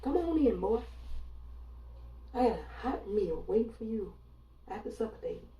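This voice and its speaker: A woman's voice: fairly high pitch, animated, moderate pace, roomy sound, recorded from a distance, highs cut off, slight background noise, voice pushed up, close to an everyday voice. A woman putting on a syrupy Southern hostess with a drawl. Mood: sweetly menacing. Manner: syrupy, falsely welcoming. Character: sweet-talking Southern hospitality woman, menacing.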